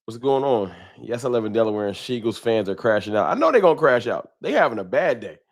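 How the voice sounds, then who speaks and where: A man's voice: medium pitch, sing-song, quick pace. Casual man hosting a live stream. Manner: greets viewers by name with slang. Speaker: livestream host. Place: home room with a wall sign. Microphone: desk microphone.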